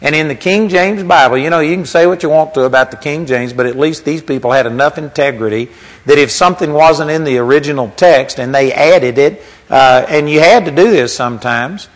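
A man's voice: a little high, fairly quick, low-quality recording. A man preaching a sermon in a conversational teaching manner, reading scripture aloud as he goes.

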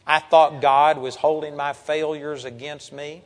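A man's voice: a little high, level tone, measured pace, in a large hall. An older man preaching a sermon in an earnest, folksy way, reading Bible verses aloud.

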